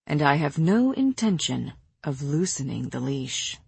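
A woman voicing a cold, commanding male fae high lord who speaks with quiet, controlled menace. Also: huge pitch swings, fairly quick, breathy edge, dry recording, heavily acted.

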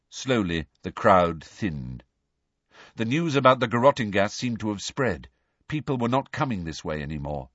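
Male narrator, husky, lively pitch, dry close mic, dull lo-fi audio. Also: normal speed, no echo.

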